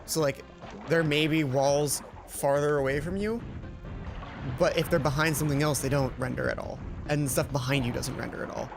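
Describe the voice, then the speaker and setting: A man with a slightly higher voice talks through a video game in loose, rambling commentary. He gets excitable as he explains things. Clear game music plays under him the whole time. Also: moderate pace. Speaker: co-host of a gaming video series. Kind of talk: casual gaming commentary. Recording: game music playing behind.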